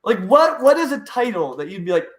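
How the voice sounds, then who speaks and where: A man's voice: very high voice, sing-song, fairly quick. A middle-aged man hosting a casual live-stream chat, rambling eagerly and restarting his sentences often. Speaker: host of a reptile channel. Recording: echoey room.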